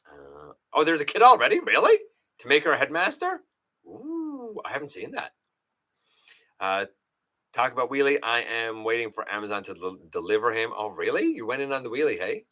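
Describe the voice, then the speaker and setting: Male streamer host, casual and chatty, bright tone, lively swings in pitch, quizzes his viewers. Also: fairly quick. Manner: animated, chatty, quiz-master questions to viewers. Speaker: live show host. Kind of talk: casual livestream chat reading viewer comments.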